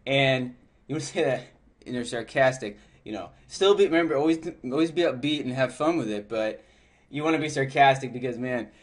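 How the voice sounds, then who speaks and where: A man's voice: mid-range voice, fairly quick. Brief: male dating coach, casual instructional chat, mid-range voice, laughs a lot, rambling fillers. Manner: chatty and loose, often laughing, heavy with "like" and "you know".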